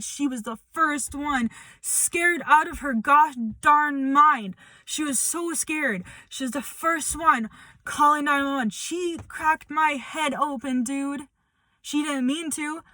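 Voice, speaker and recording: A woman's voice: high-pitched, pushed and bright, no room sound. A young woman speaking bluntly and confrontationally in a personal update vlog, swearing as she calls someone out. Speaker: vlogger.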